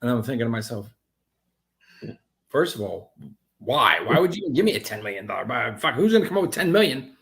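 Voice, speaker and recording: A man telling his own story as an interview guest, animated and profane, with many restarts. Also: mid-range voice, fairly quick, creaky, pauses often.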